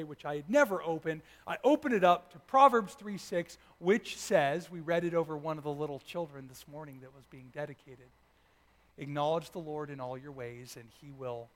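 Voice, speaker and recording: A man preaching a sermon with a personal story, animated and swinging from loud bursts to hushed words. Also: on the high side. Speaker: pastor.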